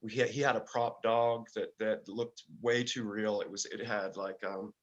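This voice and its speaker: A low-pitched older man talking casually as an interview guest. He speaks haltingly, with frequent fillers and restarts as he works through his stories. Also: flat delivery, muffled recording. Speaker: guest musician.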